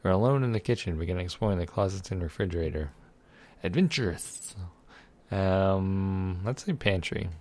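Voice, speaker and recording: Low-voiced guy playing a text game, reads it out loud, cracks sarcastic jokes and swears a lot. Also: lively intonation, normal speed. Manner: sarcastic, irreverent, swears freely. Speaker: let's play gamer. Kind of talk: reading a text game aloud with commentary.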